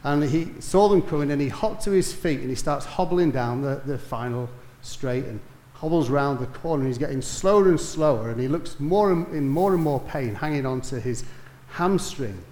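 A man's voice: on the high side, animated, moderate pace, few pauses. Preacher man in an echoey hall. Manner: storytelling, rising to emphatic peaks then dropping soft. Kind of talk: sermon.

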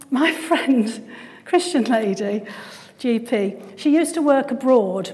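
A woman's voice: high-pitched, darkish tone, in a large hall. A woman giving a conversational church talk, often tagging her points with questions. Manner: conversational, frequent tag questions. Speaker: Christian speaker and GP.

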